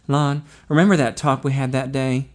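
A man reading aloud, voicing a brawny, blunt adult man in a hushed, matter-of-fact way. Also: medium pitch, level tone, normal speed, natural voice.

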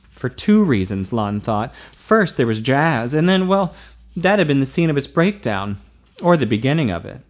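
A man narrating a story aloud in a steady, low-key reading. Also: moderate pace. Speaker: audiobook narrator. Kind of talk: scripted narration.

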